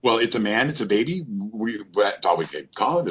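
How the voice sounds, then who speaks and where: A man with a very low, husky voice tells his paranormal story as a radio guest. His delivery is animated and swings widely in pitch, and he rambles with many "um"s and restarts. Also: normal speed.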